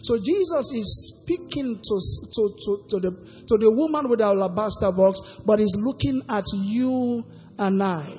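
A woman's voice: medium pitch, moderate pace, a little mellow, husky. Woman preaching in a reverberant church. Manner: call-and-response questions to the congregation. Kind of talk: sermon. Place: church hall. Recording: long hall reverb with faint music.

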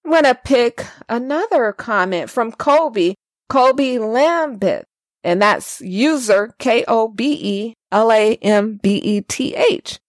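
A woman's voice: fairly high pitch, animated, slow, no echo, studio quality. A woman co-hosting a casual racing podcast, chatting and reading listener comments aloud. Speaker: podcast co-host.

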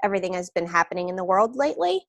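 A woman's voice: lowish voice, very animated, rapid-fire, a bit bright, dry recording. A woman guest on a podcast, talking in an easygoing, rambling way. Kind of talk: casual podcast chat.

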